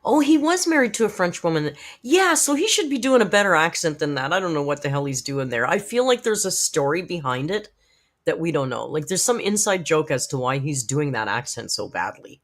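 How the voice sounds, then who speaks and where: A middle-aged woman chats casually to her live-stream viewers, frank and quick to swear. Her pitch rises and falls in wide, animated swings. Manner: frank, profane, chatty, talks straight to viewers in the chat. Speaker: live-stream host reacting to videos.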